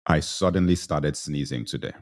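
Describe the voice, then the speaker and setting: This live show host, a middle-aged man, has an extremely low, steady voice and speaks at a moderate pace. He greets viewers by name during his commentary stream, says things twice, and sounds slightly stuffed up from sneezing.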